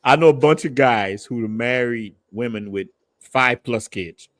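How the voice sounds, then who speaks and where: A man hosting a casual live stream, breaking in loudly and talking in casual slang. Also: medium pitch, measured pace. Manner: loud interjections, casual slang. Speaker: host.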